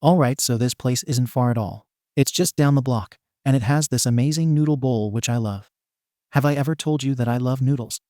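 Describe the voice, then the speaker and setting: Guy reading as a chatty cheerful young hero girl, mellow dark tone, dry close sound. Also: medium pitch, brisk, no room sound, close to an everyday voice. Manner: bubbly and talkative.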